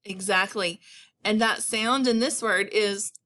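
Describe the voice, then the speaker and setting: A woman teacher giving a recorded phonics lesson to young children, speaking slowly and encouragingly with clearly enunciated words. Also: medium pitch, bright, forceful tone. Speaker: elementary school teacher.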